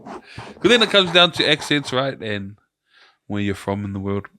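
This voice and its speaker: A man with a New Zealand accent, co-hosting a casual podcast chat, relaxed and storytelling, laughing often. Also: lowish voice, normal speed, slight background noise. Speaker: podcast co-host.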